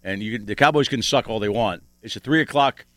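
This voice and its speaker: A man's voice: on the low side, fast talker, fairly bright tone, dry recording. A male radio host in morning banter, teasing and joking with his co-host and guest.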